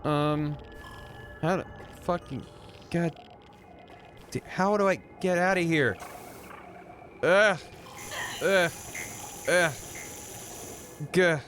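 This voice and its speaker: A fairly high, fairly bright male voice draws out words and pauses often, with slight noise in the background. He offers loose live-stream commentary on a video game as its music plays, joking, cursing, and groaning to his viewers.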